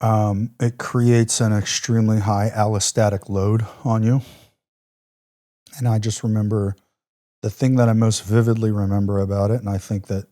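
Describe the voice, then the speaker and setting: A man's voice: lowish voice, little pitch movement, normal speed, warm tone. Reflective man in his forties telling war stories. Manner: vivid, reflective storyteller with casual fillers. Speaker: military veteran guest. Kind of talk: podcast interview storytelling.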